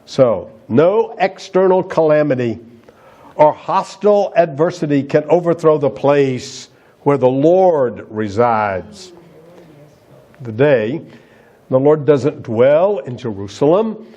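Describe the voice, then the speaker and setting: A man's voice: a little high, animated, takes it slowly, warm tone, dull audio. A man preaching a sermon as pastor, emphatic and asking the congregation rhetorical questions.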